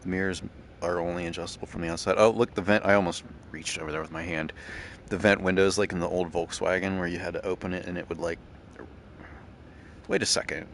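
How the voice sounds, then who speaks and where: Deep-voiced man musing over gameplay. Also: steady tone, quick pace, slight background noise. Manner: musing, rambling, thinking aloud. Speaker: gaming channel host. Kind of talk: casual gameplay commentary.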